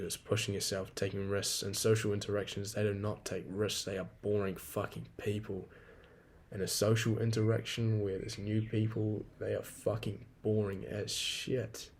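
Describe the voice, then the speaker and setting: A man's voice: fairly low pitch, a little mellow, a little hiss or hum. A young man, rambling and swearing freely in a casual solo podcast monologue. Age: 20s. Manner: profane, rambling, venting. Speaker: podcast host.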